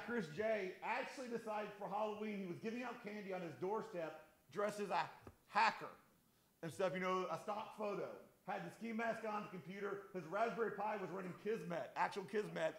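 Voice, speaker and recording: High-pitched, gravelly joking keynote speaker. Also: male voice. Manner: animated, joking, self-deprecating. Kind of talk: conference keynote talk.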